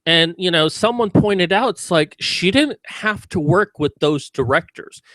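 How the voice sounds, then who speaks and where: A man's voice: high voice, animated, unhurried, fairly bright tone, no room sound. A man giving sarcastic, mocking commentary in a video about a news story.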